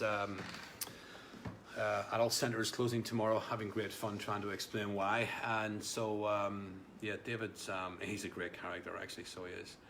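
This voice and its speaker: Hosting a casual live stream, a man rambles through viewer comments, leaning on fillers and repeating words. His voice is on the low side and a bit bright, with a little hiss or hum in the recording.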